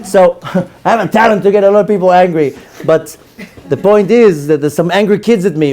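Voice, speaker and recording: A middle-aged rabbi lectures in a mellow, somewhat high voice, telling stories and acting out the quotes. He mixes jokes into his teaching and talks with a lively, casual manner. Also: normal speed. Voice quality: storytelling with acted-out quotes, joking.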